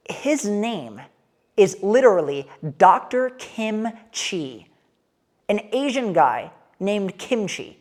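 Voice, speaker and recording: A woman telling a story in a casual, candid and animated way, with an irreverent edge. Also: medium pitch.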